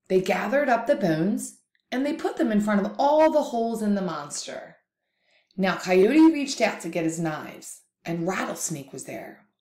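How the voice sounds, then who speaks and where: A woman teacher telling a folktale aloud for a lesson, in an expressive, lively read-aloud style. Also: medium pitch, echoey room. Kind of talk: storytelling for a lesson.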